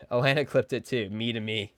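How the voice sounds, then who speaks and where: A man livestreaming a video game, commenting casually and excitedly, joking and talking to his chat. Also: mid-range voice, moderate pace, no echo. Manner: excitable, jokey, talks to chat. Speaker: game streamer. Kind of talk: casual live gameplay commentary.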